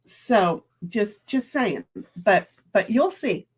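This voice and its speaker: A woman's voice: medium pitch, expressive, slow, breathy edge. A woman streamer in casual rambling chat, reading viewer comments aloud and talking while eating.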